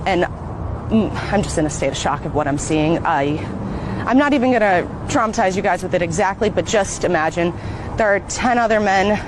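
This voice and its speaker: A woman tells a personal story in a confessional storytime monologue with a dramatic build. Her voice sits at a middle pitch. Traffic and street noise run behind her. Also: moderate pace.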